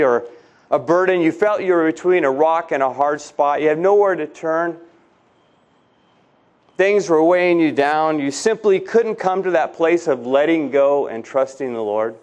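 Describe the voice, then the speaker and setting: A man's voice: fairly high pitch, a little mellow. A male pastor praying and preaching reverently, often repeating words as he goes. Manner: reverent, prayerful, stammered repeats. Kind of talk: sermon and prayer.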